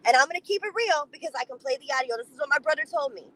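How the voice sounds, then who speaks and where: A woman's voice: high-pitched, sing-song, racing, a bit bright, low-quality recording. A woman vlogger telling a story to camera in a blunt, profane, emphatic way. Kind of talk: casual monologue to camera.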